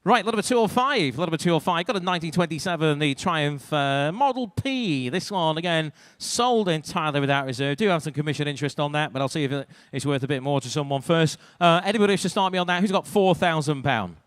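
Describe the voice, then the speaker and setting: A British male auctioneer calls out bid numbers in a fast, rhythmic patter, his voice a little high for a man and a bit bright. The sound is close and dry with no room echo, and he slips wry asides in between bids during the live auction.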